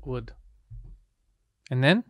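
A man co-hosting a podcast, teasing his friend and telling stories with profane, animated energy. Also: mid-range voice, extremely slow, no room sound, studio quality. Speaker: podcast co-host. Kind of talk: casual podcast banter.

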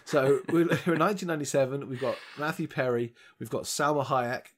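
A man co-hosting a casual podcast about films, talking enthusiastically with excited exclamations. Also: medium pitch, fairly quick. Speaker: podcast co-host. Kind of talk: casual film chat.

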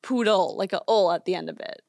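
A woman's voice: lowish voice, a little fast, vocal fry, a little mellow, no echo, clean studio sound. A young woman co-hosting a podcast, chatting casually and giggling, with lots of "like" fillers. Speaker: podcast co-host. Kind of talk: casual chat. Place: studio.

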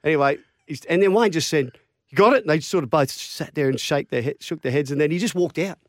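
A middle-aged Australian man, a former rugby league player, telling lively stories in casual chat and acting out the quotes. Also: fast talker, no room sound, studio quality. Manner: animated yarn-spinner, acts out quotes with big pitch jumps.

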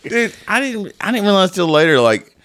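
A man's voice: sits high, very animated, moderate pace, fairly bright tone. A man co-hosting a podcast, bantering in wry, profane, casual chat. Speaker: podcast co-host.

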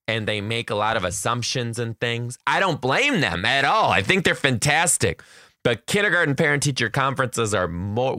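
Upbeat man, kindergarten teacher hosting his podcast, forceful and bright, dry close sound. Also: medium pitch, no room sound. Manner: upbeat, chatty, playful. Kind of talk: casual solo podcast chat.

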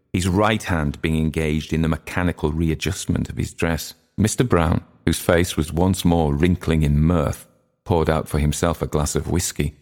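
A male audiobook narrator reading literary fiction. His voice is exceptionally deep and gravelly, and his reading is measured and even.

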